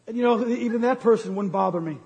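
A man's voice: extremely high pitch, fast talker, gravelly, darkish tone. A middle-aged man preaching a sermon as pastor in a church, ranting with jokes. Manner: impassioned, ranting, jokey. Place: church sanctuary. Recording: long hall reverb.

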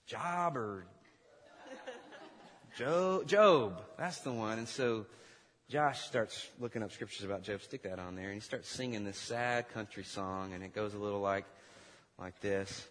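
Bright-voiced male pastor in a reverberant hall. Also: lowish voice, a little slow, pauses often, slight background noise. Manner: playful storyteller, turning to earnest exhortation. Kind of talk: sermon with a comic skit. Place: church hall. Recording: long reverb of a large church hall.

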